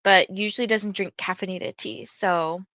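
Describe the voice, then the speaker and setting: A woman's voice: mid-range voice, fairly even intonation, moderate pace, bright, forceful tone, dry recording, muffled recording. A woman in her thirties hosting a casual livestream, chatting in a rambling way and reading viewer comments aloud. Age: 30s. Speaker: livestream host.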